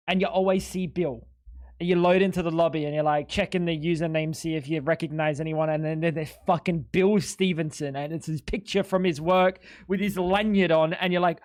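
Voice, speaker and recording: Excitable, foul-mouthed streamer talking to chat. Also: medium pitch, normal speed. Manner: excitable, profane, self-mocking banter. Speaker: live streamer. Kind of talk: live-stream gaming commentary to chat.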